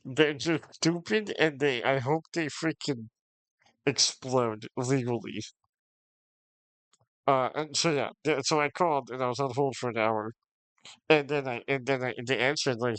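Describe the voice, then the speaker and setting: A man's voice: medium pitch, normal speed, pauses often, a bit bright, dry recording. Profane, frustrated streamer guy, dry sound. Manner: profane, frustrated, with frequent short laughs. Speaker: game streamer. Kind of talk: casual ranting to stream chat.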